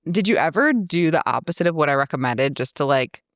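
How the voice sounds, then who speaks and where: A woman's voice: deep voice, animated, fast talker, no echo, studio quality. A woman in her thirties hosting a casual podcast chat as a money coach, laughing often and talking playfully. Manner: chatty, laughs often, playful mock voices.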